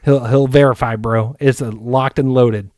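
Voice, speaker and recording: A man's voice: medium pitch, steady tone, normal speed, darkish tone, dry recording, studio quality, close to an everyday voice. A man voicing a brash young frat-bro team executive with a put-on surfer bro accent, slangy and swaggering on a mock trade call. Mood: breezy.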